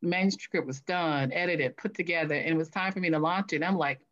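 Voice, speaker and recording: A woman's voice: low-pitched, fairly quick, lo-fi sound. A woman guest telling stories in an interview, acting out what she and others said. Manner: animated, acts out her own past voice. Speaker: guest, author. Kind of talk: interview storytelling.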